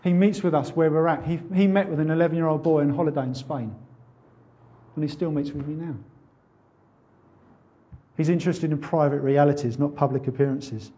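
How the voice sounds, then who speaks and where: A man delivers a sermon with conviction, leaning on rhetorical questions and swelling into loud, urgent exhortations. His voice sits a little high. The recording is somewhat dull and muffled. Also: fairly quick, pauses often. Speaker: preacher.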